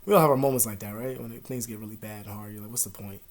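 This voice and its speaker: A man's voice: on the low side, steady tone, rapid-fire. Rambling, profane young man vlogging. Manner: profane, rambling, drops to a mutter then bursts loud. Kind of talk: casual confessional talk to camera. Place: at home.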